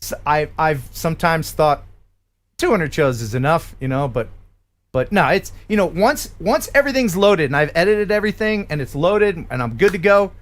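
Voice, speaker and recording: High-voiced chatty male stream host. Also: lively intonation, moderate pace. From USA. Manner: jokey, chatty, reads names with upbeat lift. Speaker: livestream host. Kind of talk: casual live-stream chat, reading donations.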